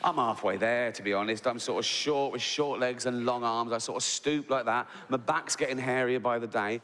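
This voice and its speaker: A man's voice: mid-range voice, moderate pace. A man performing a stand-up routine, rambling and cheeky, interrupting himself as he goes. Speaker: stand-up comedian. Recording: live theatre stage, big hall, loud background.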